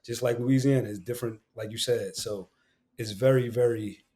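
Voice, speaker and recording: Animated man. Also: medium pitch, moderate pace. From Queens, New York. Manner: animated, slangy, repeats phrases for emphasis. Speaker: guest, actor and audiobook narrator. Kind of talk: casual podcast conversation.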